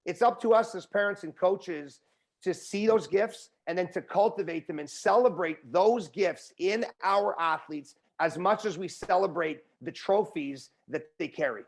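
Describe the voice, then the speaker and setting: A man speaking as a guest in an interview. He talks the way a motivational speaker does, animated and encouraging. His voice sits a little above the usual male pitch. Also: unhurried, gravelly. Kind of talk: conversational interview.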